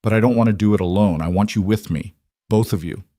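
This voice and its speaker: A man's voice: fairly low pitch, fast, warm tone, dry recording, studio quality, lightly acted. A man reading the lines of a fierce, protective woman executive in a firm, emotional tone. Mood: earnest.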